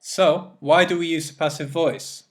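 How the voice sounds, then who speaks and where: A man gives a recorded English grammar lesson, taking it slowly and deliberately. He walks through each point step by step and repeats his examples to make them stick. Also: a little high, fairly even intonation. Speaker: English teacher.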